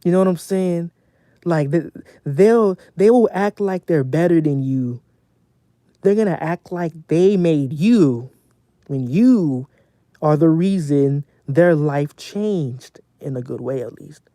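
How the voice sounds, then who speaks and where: A young man streaming casually from home, venting in a profane, animated rant. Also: a little high, slow, dry recording.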